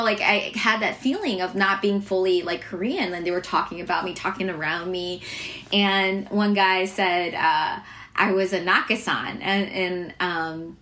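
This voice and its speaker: An American woman chef with a mid-range, slightly bright voice tells her story in an interview. She's chatty, full of fillers and restarts, and laughs now and then.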